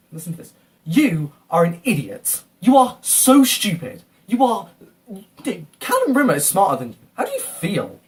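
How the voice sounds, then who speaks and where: A man's voice: high voice, far from the mic. A man ranting through a reaction commentary, exasperated, swearing and repeatedly calling someone an idiot. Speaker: video reactor.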